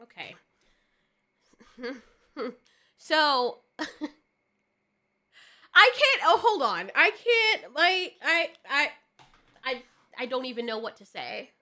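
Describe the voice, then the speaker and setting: A woman's voice: sits high, sing-song, slow, pauses often, sharp tone. A woman ranting in a profane, exasperated reaction commentary, often sputtering and laughing as she reviews a TV finale. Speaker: video reviewer.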